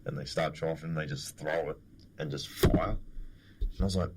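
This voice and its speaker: A young Australian man with a low, deep voice tells a rambling, joking story, chatting easily with his mates. A faint hiss sits under his voice. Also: steady tone, fast, fairly bright tone. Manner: storytelling, joking, laughs often. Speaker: podcast co-host. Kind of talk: casual chat.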